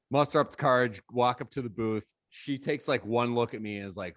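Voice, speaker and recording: Podcast guest, male, middle pitch, dry close sound; animated storyteller who swears freely. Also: brisk, few pauses, no room sound. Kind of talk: casual storytelling.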